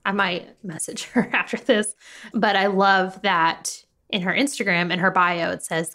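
A woman's voice: mid-range voice, fairly even intonation, unhurried, pushed and bright. A woman co-hosting a podcast in casual chat, supportive and explaining things plainly. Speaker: podcast co-host.

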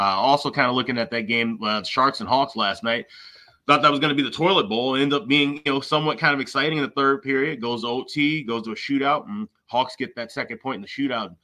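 Man, podcast co-host, casual rambling talk, lots of fillers, bright tense voice. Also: medium pitch. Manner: rambling, many fillers and restarts. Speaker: co-host of a hockey betting show.

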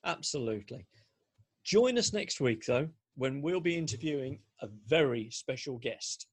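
A male podcast host in casual chat, closing the show with brisk, polite thanks. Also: medium pitch, expressive, husky.

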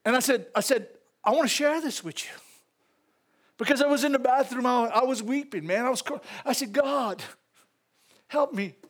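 With an extremely high pitch and a slightly quick pace, a male pastor with a Louisiana Southern accent preaches in church. He keeps up animated call-outs and laughing asides to those in the pews.

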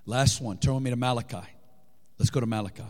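A man's voice: mid-range voice, quick pace. Fervent preacher man in a reverberant hall. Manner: fervent, builds to shouting peaks. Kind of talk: sermon. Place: large church hall. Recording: long reverb in a large hall.

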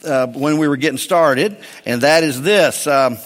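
A man preaching a sermon in a church, with a fairly high voice. He talks in a folksy, joking way with his congregation. The sound carries the long reverb of a large hall. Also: measured pace, a bit bright. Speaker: pastor.

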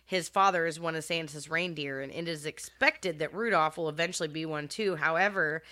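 Bright-toned, blunt woman co-host. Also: sits low, fairly quick. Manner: blunt, joking, swears casually. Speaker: podcast co-host. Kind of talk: casual chat reading a countdown list.

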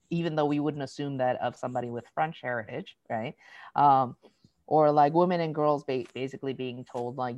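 A woman's voice: extremely low pitch, brisk, no echo. A woman guest in an interview, explaining ideas casually and acting out everyday exchanges, with frequent "um"s and "right?"s. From United States. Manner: animated storytelling, acting out quoted exchanges. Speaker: interview guest, diversity educator. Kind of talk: conversational explanation.

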